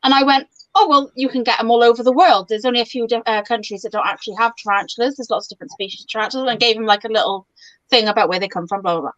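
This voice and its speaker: A woman tells rambling stories in a casual group chat, full of "um" and "like". Her voice sits a little high, and the call audio is dull and dry, with no room sound. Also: rapid-fire, no echo. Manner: chatty storyteller, fillers and restarts. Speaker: guest on a chat stream. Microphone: video call.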